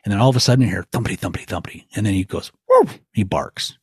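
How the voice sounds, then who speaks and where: A middle-aged man, a guest, telling a hunting story in a folksy, animated way and acting out quotes. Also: lowish voice, racing, gravelly, husky, no room sound, clean studio sound. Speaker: guest elk hunter.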